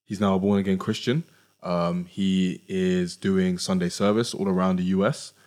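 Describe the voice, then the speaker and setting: A man's voice: low-pitched, little pitch movement, moderate pace, darkish tone. A man, hosting a casual podcast chat in a laid-back, rambling way. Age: 20s. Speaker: podcast host.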